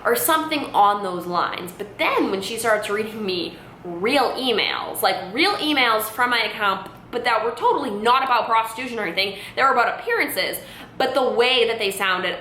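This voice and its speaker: A woman's voice: lively intonation, normal speed, bright, forceful tone. A young woman vlogger telling a personal story candidly, rambling, with lots of "like" and "you know". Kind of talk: storytime vlog. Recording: echoey room with faint rumble.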